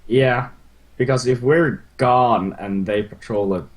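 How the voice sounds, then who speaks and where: A man's voice: medium pitch, slow pace. A man playing in a tabletop game, asking questions and joking casually. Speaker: player.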